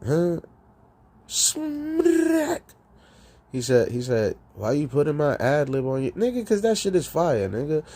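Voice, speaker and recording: A man talking casually on his live stream, rambling and profane, laughing between lines and swinging from loud outbursts to low mutters. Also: animated, fairly quick, few pauses. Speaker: streamer and rapper.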